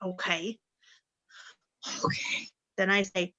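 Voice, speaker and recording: A woman's voice: mid-range voice, unhurried, pushed and bright. A woman playing a tabletop game, eager and chatty. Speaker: player. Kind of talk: casual tabletop game play. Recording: dull lo-fi recording.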